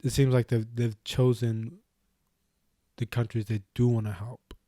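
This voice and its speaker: A young man with a New Zealand accent chats on a podcast, telling a story with plenty of swearing and acted-out quotes. His voice sits at an ordinary pitch and is recorded dry and close. There is no room sound around it. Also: a little slow, dry recording. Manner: animated storyteller, swears a lot, acts out quotes. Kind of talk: casual podcast chat.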